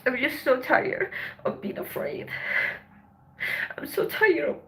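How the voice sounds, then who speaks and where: A woman hosting a livestream, talking in a halting, emotional way with lots of swearing and a voice that breaks with tears. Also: sits high, animated, pushed and bright, a little hiss or hum, poor audio. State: tearful. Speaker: livestream host. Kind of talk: emotional casual livestream chat.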